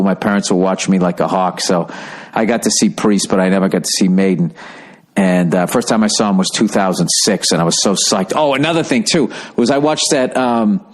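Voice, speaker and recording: Profane rambling middle-aged man. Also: lowish voice. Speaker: podcast host. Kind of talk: casual podcast monologue.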